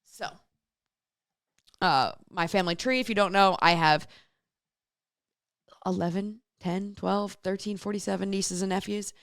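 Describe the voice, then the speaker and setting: A woman's voice: mid-range voice, fairly even intonation, a little slow, pauses often, fairly bright tone, no room sound, studio quality. A woman hosting a radio show solo, telling a story in a chatty way and reading listener messages aloud. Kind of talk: casual solo radio chat.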